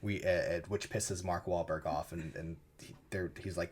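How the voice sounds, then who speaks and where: A man with a very low voice, chatting casually as he walks through a film's plot. He slips in offhand quoted lines as he goes. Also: steady tone, normal speed, slight background noise. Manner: retells scenes with loose, offhand voiced quotes. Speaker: podcast co-host. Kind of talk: casual movie recap chat.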